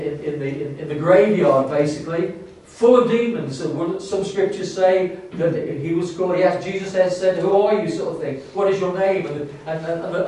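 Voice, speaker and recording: A man preaching a sermon in a church, halting with many restarts and rising to fervent emphasis. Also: on the high side, a little mellow. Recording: echoey church hall, distant mic.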